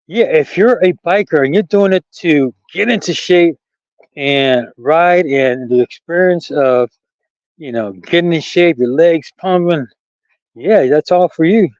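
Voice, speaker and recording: A chatty, rambling man talks into his camera while out on a country trail. His voice sits a little high for a man and laughs come easily. The sound is dull and lo-fi, dry and close, with no room around it. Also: a little mellow, no echo. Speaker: vlogger. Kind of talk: casual walking vlog. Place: outdoors on a rural trail.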